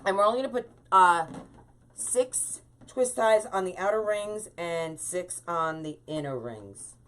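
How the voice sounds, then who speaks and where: A woman's voice: fairly low pitch, expressive, measured pace, a bit bright. A talkative woman hosting a live-stream wreath-making tutorial, chatting with viewers and greeting them by name.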